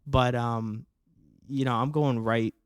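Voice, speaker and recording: A man's voice: mid-range voice, steady tone, slow pace, clear, resonant tone, dry recording, clean studio sound. Easygoing man with a Staten Island accent. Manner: easygoing, agreeable, short replies. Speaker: podcast guest. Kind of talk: casual chat.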